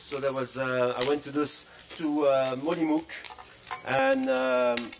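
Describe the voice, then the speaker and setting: A middle-aged man from France explaining a dish at a festival cooking demonstration, with many halting restarts and repeated words and dry jokes. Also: fairly high pitch, expressive, gravelly, recorded from a distance, slight background noise, poor audio. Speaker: chef.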